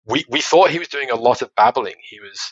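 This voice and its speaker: A man, a father telling stories as a podcast guest, animated and quick to laugh. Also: mid-range voice, husky, dry recording, dull audio. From Australia. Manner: animated storytelling, laughs often, many restarts. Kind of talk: casual interview chat.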